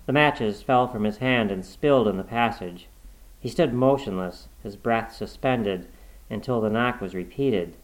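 A man reading a horror story aloud in a measured, suspenseful narration. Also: fairly low pitch, poor audio.

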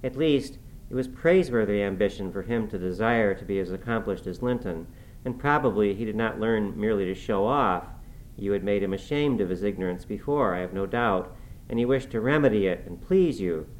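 A measured, gently scolding middle-aged housekeeper, read by a man in a storybook reading. The voice sits rather low and steady, with a faint rumble of noise underneath. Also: close to an everyday voice, low-quality recording. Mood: reproving. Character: earnest reproving middle-aged woman housekeeper.

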